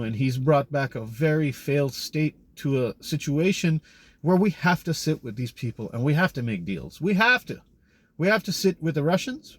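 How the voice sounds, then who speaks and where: Guy with a kinda high voice rambling through an opinion monologue, keeps correcting himself, dry sound. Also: dry recording. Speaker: commentator. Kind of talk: casual spoken monologue.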